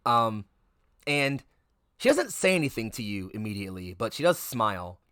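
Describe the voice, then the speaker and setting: A man's voice: on the low side, big pitch swings, normal speed, sharp tone, smooth, no echo, studio quality. A man narrating a tabletop game as game master, rambling with lots of fillers and restarts. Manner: rambling, filler-heavy, self-correcting.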